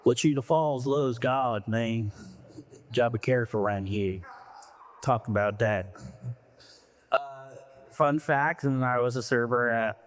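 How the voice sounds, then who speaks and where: A man hosting a comedy night in an average-pitched voice. He stays loose and crude, cracking jokes while he lays out the running order. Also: takes it slowly, long pauses. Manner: loose, crude and joking between acts. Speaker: comedy show host. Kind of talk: stand-up hosting.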